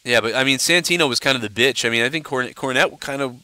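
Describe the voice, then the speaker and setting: A man's voice: medium pitch, fast talker, pushed and bright. Brash, profane man ranting on a live stream. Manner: profane, rambling, lots of "you know". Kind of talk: casual live-stream rant.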